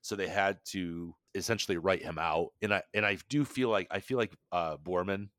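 Man, very low voice, relaxed podcast co-host, dry sound. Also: normal speed, dry recording. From United States. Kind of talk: casual chat.

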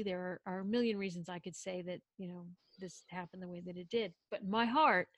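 A woman's voice: medium pitch, no echo. A woman telling a personal story in casual chat, acting out quoted lines and often breaking off and restarting. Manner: animated, acts out quotes, self-interrupting.

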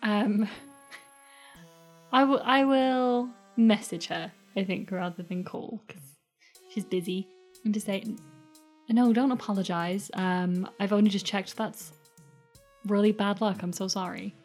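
Over soft background music, a woman plays a character in a tabletop role-play game, speaking casually and a little hesitantly. Her voice is medium-pitched and measured in pace, with frequent pauses.

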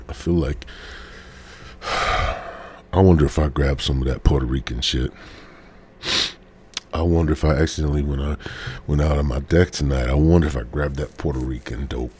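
A man's voice: rumbling low, steady tone, normal speed, pauses often, darkish tone, a little hiss or hum. A man hosting a podcast solo, rambling and cursing in a casual, stoned rant while a bit sick. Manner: rambling, profane, sighing. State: sick with a cold. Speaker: podcast host.

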